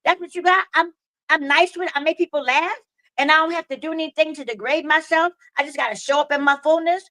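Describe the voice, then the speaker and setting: A woman comedian in her forties with a slight lisp, telling stories in a lively, comedic, preacher-like cadence over a video call. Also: high voice, quick pace, no echo, poor audio. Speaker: comedian guest. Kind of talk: casual storytelling chat.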